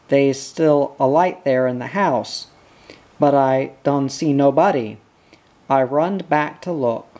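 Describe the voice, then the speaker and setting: A reader voicing a frightened male outback stockman accused of murder, speaking halting broken English. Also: medium pitch, a little mellow.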